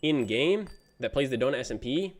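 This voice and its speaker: A man's voice: mid-range voice, expressive, brisk, slight background noise. Laid-back young man streaming games. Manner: laid-back, reads chat messages aloud and answers them; slangy, says "bro" often. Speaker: gaming streamer. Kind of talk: casual livestream chat.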